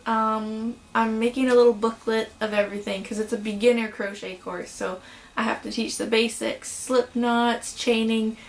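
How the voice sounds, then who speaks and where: Young woman, somewhat high voice, casual crochet vlog, chatty, lots of "um" and "so", home recording. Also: little pitch movement, normal speed, poor audio. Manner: chatty, apologetic, many "um"s and "so"s. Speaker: crochet vlogger. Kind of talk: casual chat to camera. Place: home room.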